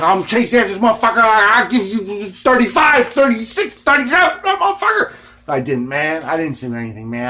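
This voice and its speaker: Laid-back male vlogger, rambling yarn-spinner, swears freely, drops "man" into every line, swings from loud to hushed. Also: mid-range voice. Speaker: guitar vlogger. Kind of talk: rambling casual storytelling.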